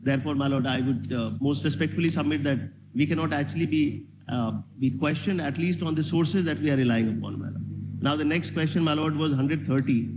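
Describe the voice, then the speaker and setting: A man, an advocate making formal, deferential submissions to a judge in a courtroom. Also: fairly high pitch. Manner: deferential, measured, says "my lord" constantly. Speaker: advocate arguing before a judge. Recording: muffled noisy courtroom audio.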